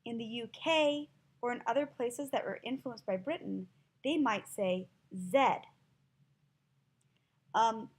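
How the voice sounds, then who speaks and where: Slow, clear teacher woman from Utah. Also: on the high side, darkish tone. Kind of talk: classroom listening lesson.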